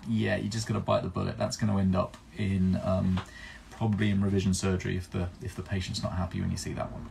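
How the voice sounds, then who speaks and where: A man's voice: on the low side, gravelly, a little mellow, slight background noise. A man working as a plastic surgeon, answering viewer questions in a chatty live-stream Q&A. He explains step by step, thinks aloud with restarts, and pokes fun at himself.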